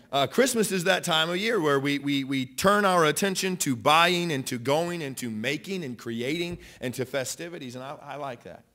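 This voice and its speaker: A pastor with a mid-range voice preaches passionately in a church auditorium. He swings between loud declarations and quiet storytelling, often restarting and repeating phrases.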